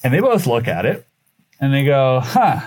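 A man's voice: mid-range voice, normal speed. Man telling a story animatedly. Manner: animated, acts out quoted dialogue; loose, with fillers and restarts. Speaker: podcast guest. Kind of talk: casual storytelling.

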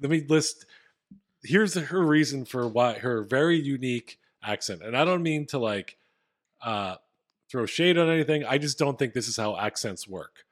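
A man's voice: mid-range voice, animated, normal speed. Man casually explaining on a podcast. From Philadelphia. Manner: explanatory, wry storytelling. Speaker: podcast co-host. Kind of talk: casual chat.

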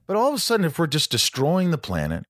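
A man hosting a podcast in casual chat, rambling and swearing, with sudden high excited bursts. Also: fast, dry recording, studio quality. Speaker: podcast host.

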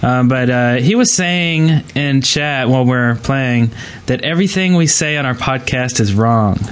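A man's voice: mid-range voice, unhurried, smooth. A man co-hosting a casual gaming podcast, telling stories in a rambling way with many restarts. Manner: rambling, self-interrupting storyteller. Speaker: podcast co-host.

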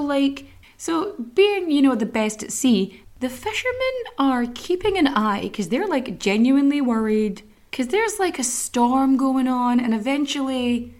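A woman's voice: fairly high pitch, a little mellow. A woman hosting a podcast, telling a history story in a casual, rambling way with lots of fillers and swearing. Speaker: podcast host.

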